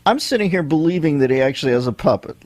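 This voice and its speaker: Male radio host, amused and quick, slightly high, dry booth. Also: animated, darkish tone, no room sound. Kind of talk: radio interview banter.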